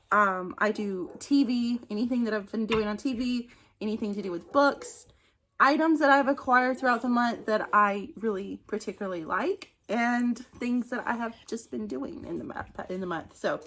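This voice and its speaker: A woman's voice: on the high side, moderate pace, fairly bright tone, a little hiss or hum. A woman, chatting casually in a book vlog at home, talking into a phone camera, laughing often. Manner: chatty, laughs often, distracted by her dog. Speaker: book vlogger. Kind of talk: casual monthly favorites vlog.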